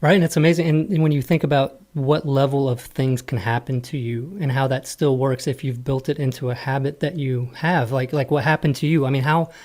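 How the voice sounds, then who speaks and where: A man's voice: medium pitch, steady tone, fairly quick, few pauses, darkish tone. A man hosting a podcast interview, chatting casually and often filling with "you know" and "like". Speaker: podcast host.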